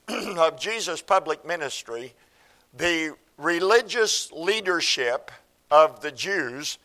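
Slow, bright-voiced male preacher. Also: fairly high pitch. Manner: reads scripture aloud and comments, calls for amen. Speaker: pastor. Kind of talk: sermon.

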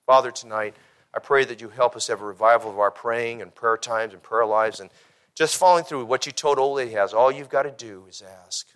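A man's voice: mid-range voice, fairly quick, fairly bright tone. A middle-aged man preaching as pastor, telling a testimony with repeated phrases and ending in an earnest altar call. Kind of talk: sermon with personal testimony.

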